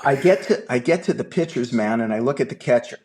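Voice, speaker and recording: An older man, a film producer guest, telling a long anecdote in an animated way and acting out the dialogue. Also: medium pitch, quick pace. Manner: lively anecdotal storyteller, acts out dialogue. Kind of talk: animated storytelling.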